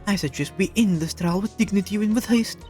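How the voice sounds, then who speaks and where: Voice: mid-range voice, fairly quick, dark tone, soft background music, pitched above the performer's own voice, close to an everyday voice. Player reading a haughty, scornful prosecutor. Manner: contemptuous, formal. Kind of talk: reading a fan visual novel aloud.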